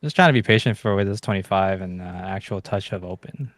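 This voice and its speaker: A man's voice: low-pitched, a little fast, dry recording, studio quality. A man hosting a casual trading livestream, joking and humming to himself between comments on the market. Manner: joking, mumbled asides and hums. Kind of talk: casual chat over live trades.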